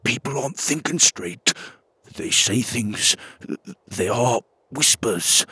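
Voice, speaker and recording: A man's voice: medium pitch, lively intonation, slow pace, sharp tone, husky, no room sound, full character voice. A man voicing a short, nervous male fruit fairy who talks in a hesitant, folksy way.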